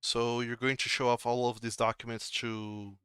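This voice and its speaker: A man narrating as game master of a tabletop game in an unhurried way, with fillers. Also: medium pitch, flat delivery, a bit bright, smooth, no room sound.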